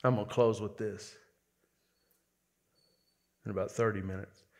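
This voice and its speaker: A man's voice: lowish voice, steady tone, vocal fry, darkish tone. A lead pastor preaching a sermon, building emphasis and repeating words as he drives a point home. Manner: preaching with rising emphasis and quick asides.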